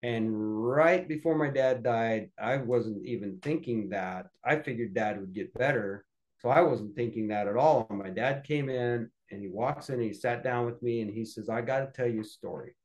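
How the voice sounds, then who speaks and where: A middle-aged man who is a podcast guest, telling family anecdotes casually and lively, acting out other people's voices along the way. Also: mid-range voice, normal speed, low-quality recording. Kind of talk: casual storytelling.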